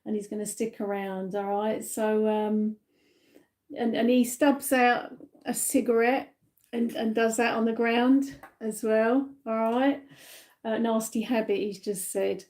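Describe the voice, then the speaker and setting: A woman from the UK giving a live-stream psychic reading, gentle and reassuring, with many fillers and tag questions, a little tired. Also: on the high side, steady tone, takes it slowly. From United Kingdom. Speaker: psychic medium.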